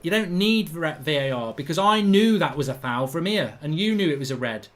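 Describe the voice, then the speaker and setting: A middle-aged man from England, slightly high-pitched, hosts a live football watchalong. He reads out viewer comments and talks bluntly and colloquially, ranting with indignation about bad refereeing decisions. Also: expressive, a little fast, fairly bright tone.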